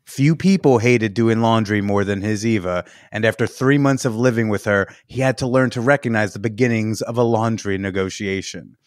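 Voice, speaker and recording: A male podcast host reads a story aloud in a matter-of-fact way and breaks off for joking asides. His voice sits low. The recording is close and dry. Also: moderate pace, few pauses, dry recording. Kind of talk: reading fiction aloud on a podcast.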